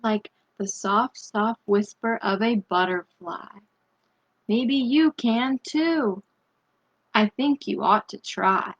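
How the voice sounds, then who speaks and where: Slow, gentle woman reading a bedtime story. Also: mid-range voice, muffled recording. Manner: slow, gentle, asks young listeners questions. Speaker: storybook reader.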